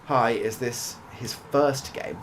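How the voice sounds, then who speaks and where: A young British man, an ASMR gaming streamer, chats softly and rambles through a story while playing a game, swearing now and then. He talks slowly in a mid-range voice. A little hiss or hum can be heard.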